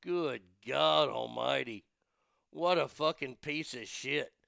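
Profane, gravelly-voiced male podcast host. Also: mid-range voice, slow, a bit bright, no echo, clean studio sound. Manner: profane, outraged and mocking. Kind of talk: crude comedic news rant.

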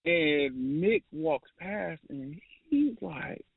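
A man's voice: on the high side, sing-song, drawn-out words, vocal fry, husky, dry recording. A man, a former college player, tells stories as a guest, laughing often and restarting his sentences with many fillers. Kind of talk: casual storytelling. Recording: phone-like line.

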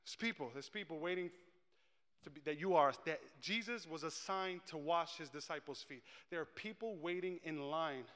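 A man preaching a sermon as pastor in a church, switching between loud, impassioned stretches and hushed ones and repeating his phrases. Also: fairly high pitch, moderate pace, big-room sound. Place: church sanctuary.

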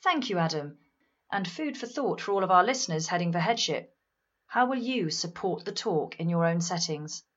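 An actress playing a brisk co-host reading out listener messages. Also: female voice, lowish voice, animated, a bit bright, dull audio.

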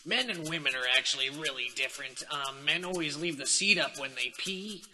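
Mock-earnest male ad announcer. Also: brisk. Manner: mock-earnest pitchman delivery. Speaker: announcer in a parody ad. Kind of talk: comedic parody commercial voice-over.

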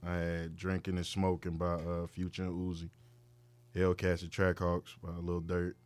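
A man's voice: sits low, monotone, normal speed, darkish tone. A man in casual chat among friends, listing songs in a matter-of-fact way.

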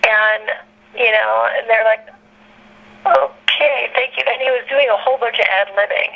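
An actress being interviewed, telling candid stories in a rambling, chatty way, full of fillers and laughter. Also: female voice, a little high, steady tone, a little fast, creaky, dull audio. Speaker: actress guest.

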